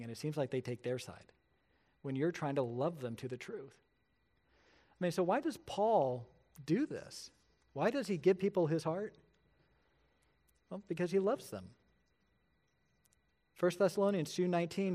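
A middle-aged male pastor preaching a sermon, telling stories with lively acted-out quotes. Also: a little high, moderate pace, long pauses. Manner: animated storytelling, acts out quoted voices.

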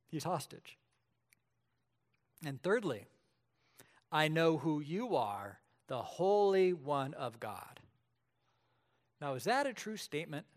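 Brief: male pastor with a somewhat high voice, animated storytelling sermon, dips loud and soft. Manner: lively storytelling preacher, shifts between loud and quiet.

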